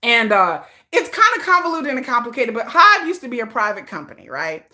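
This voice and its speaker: Sassy, animated woman livestream host. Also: a little high, a little fast. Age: adult, old enough to have a teenage child. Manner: sassy and animated, with slangy put-downs and frequent laughter. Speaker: K-pop commentary livestream host. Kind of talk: casual livestream chat, reading viewer comments.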